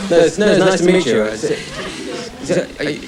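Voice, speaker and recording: A man's voice: on the high side, animated, fast, over a noisy crowd. Rambling stand-up man on an echoey stage. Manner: rambling, self-deprecating, stammering restarts. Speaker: stand-up comedian. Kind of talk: stand-up comedy. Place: TV studio stage under hot lights. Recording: echoey studio, distant mic. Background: studio audience laughing.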